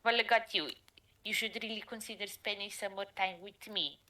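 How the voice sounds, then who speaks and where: A woman's voice: mid-range voice, steady tone, a little fast, background noise, lightly acted. A woman voicing a blunt, lonely huntress in a put-on Russian accent. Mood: gruff. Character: big lonely female huntress, blunt and suspicious.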